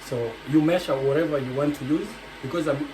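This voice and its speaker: A Kenyan-accented home cook moves briskly through a kitchen tutorial in a slightly high voice, chatting, digressing and explaining each step. The audio has kitchen echo and faint background noise.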